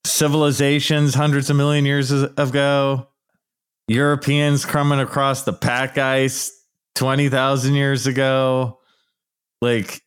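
Male podcast host for a solo comedy-leaning episode. Very lively pitch, playful and self-mocking, breaks into squeaky mock voices.

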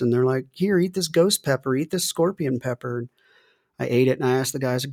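A man's voice: medium pitch, fairly even intonation, brisk, darkish tone. A middle-aged man co-hosting a casual chat, telling loose, profanity-heavy stories and laughing through them. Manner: loose storytelling, swears often, laughs through his stories. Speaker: podcast co-host.

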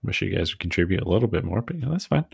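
A man co-hosting a podcast in relaxed casual chat, chuckling and trailing off with fillers. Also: sits low, very fast, creaky, slightly rough, no room sound, clean studio sound. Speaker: podcast co-host.

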